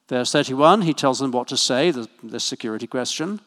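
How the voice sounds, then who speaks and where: Conversational preacher in a reverberant church. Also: male voice, mid-range voice, expressive, brisk, fairly bright tone. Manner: conversational, with asides and little jokes. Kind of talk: sermon. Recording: long hall reverb.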